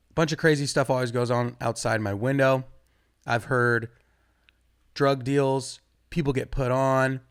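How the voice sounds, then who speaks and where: A young man doing a stand-up comedy set, rambling and profane, jumping suddenly to loud outbursts. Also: mid-range voice.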